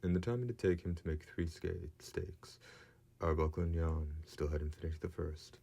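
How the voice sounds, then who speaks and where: A man narrating an audiobook in a steady, even storytelling manner. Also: sits low, moderate pace, vocal fry, breathy edge. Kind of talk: scripted narration.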